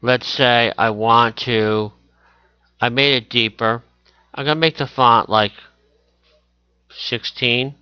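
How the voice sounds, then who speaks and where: A man teaching a screen-recorded software tutorial, talking through each click as he goes and correcting himself along the way. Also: mid-range voice, steady tone, slow pace, long pauses, clean tone, no room sound, dull audio.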